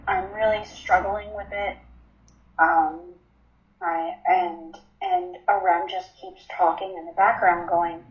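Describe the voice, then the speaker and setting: A woman's voice: on the low side, fairly even intonation, slow pace. A woman in her twenties telling her personal story in an interview, candid and matter-of-fact, with frequent ums. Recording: roomy, slightly dull recording.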